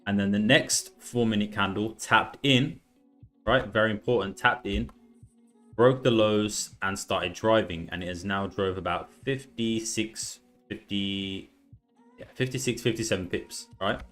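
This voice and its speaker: Low-voiced young man with a sore throat. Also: fairly bright tone. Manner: loose and chatty, says "right?" and "man" a lot, slurs a bit. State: sore throat, sucking a lozenge. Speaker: livestream trading host. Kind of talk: casual live-stream chat and chart teaching.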